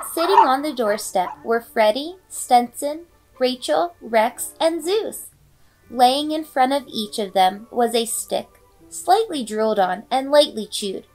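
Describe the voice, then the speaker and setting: A woman reading a children's bedtime story aloud with expressive, dramatic storybook delivery. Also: fairly high pitch. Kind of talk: bedtime read-aloud narration. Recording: faint background music.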